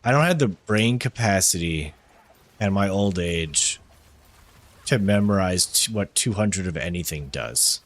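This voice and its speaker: A man with a low voice and lively intonation, speaking a little slowly, streams a game and chats casually with viewers and a friend. He rambles, swears, and jokes at his own expense.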